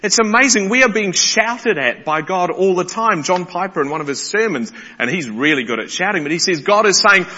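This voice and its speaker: A man preaches with excitable energy, tripping over restarts as he marvels aloud. His voice is bright and forceful. It rings out through a large hall with a long, muffled reverb. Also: high voice, fairly quick, hardly any pauses. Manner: animated, excitable, stumbling restarts. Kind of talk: sermon.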